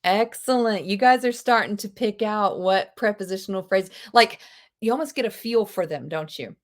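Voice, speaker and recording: Chatty teacher on a video call. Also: female voice, mid-range voice, normal speed. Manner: lively, chatty, gasps with delight, quotes movie lines in put-on voices. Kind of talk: live online class, casual teaching.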